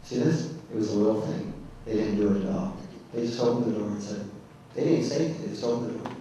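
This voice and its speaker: A man's voice: on the low side, fairly even intonation, fast talker, mellow, slight background noise. A man giving a keynote speech, telling stories in a folksy, casual way. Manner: folksy storytelling. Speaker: keynote speaker. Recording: echoey hall, distant mic.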